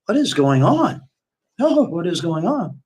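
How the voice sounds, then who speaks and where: A man's voice: sits high, lively intonation, moderate pace, pitched above the performer's own voice. A man voicing a panicked young woman lost on a snowy camping trip, speaking in an exasperated, incredulous way.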